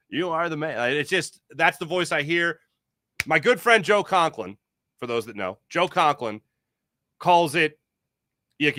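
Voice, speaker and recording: On a relaxed sports podcast livestream, a man with a voice on the higher side reads out viewer chat, sounding animated and jokey. The studio-quality recording is dry, and he rambles, often starting sentences over.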